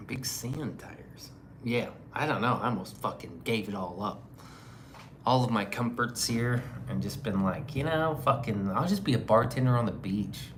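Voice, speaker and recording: A man's voice: medium pitch, moderate pace. A man chatting casually on a livestream, laid-back and drawling, swearing freely as he reads chat. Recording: faint background noise.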